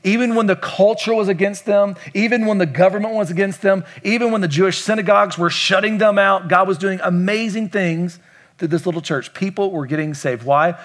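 A middle-aged male pastor from Kentucky, preaching a sermon emphatically and asking the congregation questions. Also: sits high. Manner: emphatic, asks the congregation questions and repeats lines.

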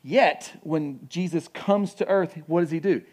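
A young adult man preaching a sermon as pastor, conversational and animated, with asides and acted-out quotes. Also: fairly high pitch, measured pace.

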